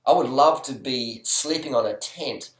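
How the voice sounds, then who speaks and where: A man's voice: medium pitch, unhurried. A man talking in a mocking, ironic way in casual chat. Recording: echoey room.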